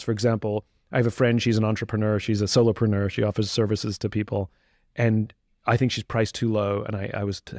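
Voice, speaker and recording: A man's voice: medium pitch, a little mellow, dry recording. Middle-aged man, candid podcast guest, thinking aloud with many restarts; dry close mic. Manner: reflective, candid, frequent restarts and fillers. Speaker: interview guest. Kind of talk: candid conversational interview.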